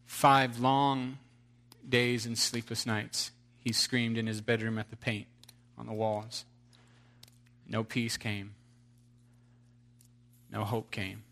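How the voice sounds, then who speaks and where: A man's voice: lowish voice, a bit bright. A man preaching an earnest sermon, telling a story to his congregation.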